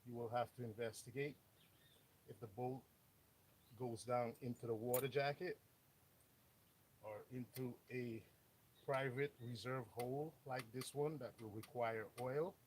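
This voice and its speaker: A man's voice: medium pitch, fairly even intonation, measured pace, pauses often, slight background noise, low-quality recording. A man streaming live as a mechanic, explaining engine work bluntly with joking asides. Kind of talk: live how-to stream, casual chat. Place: auto workshop.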